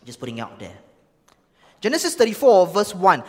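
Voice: mid-range voice, huge pitch swings, a little fast, pauses often. A preacher, reading scripture expressively and explaining it in a sermon. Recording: long reverb of a large hall.

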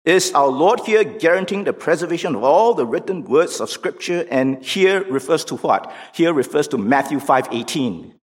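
A man preaching a sermon in an emphatic, deliberate way, pushing questions up almost to a shout. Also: fairly high pitch, lively intonation. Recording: long reverb of a large hall.

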